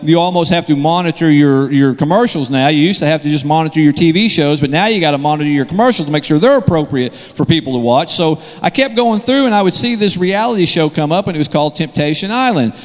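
A man's voice: on the high side, expressive, fast, few pauses, long reverb tail. A man preaching a sermon in a church with a handheld mic, joking and rambling conversationally between points. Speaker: guest preacher. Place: church sanctuary. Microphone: handheld microphone.

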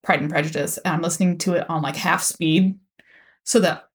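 A woman's voice: on the low side, fairly even intonation, brisk. A woman co-hosting a casual podcast chat, making dry joking asides. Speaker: podcast co-host.

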